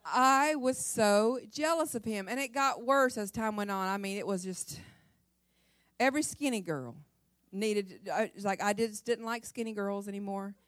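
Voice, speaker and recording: A woman's voice: mid-range voice, normal speed, dry recording. A middle-aged woman giving a humorous testimony sermon, acting out her own cries and often laughing. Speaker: pastor's wife and speaker.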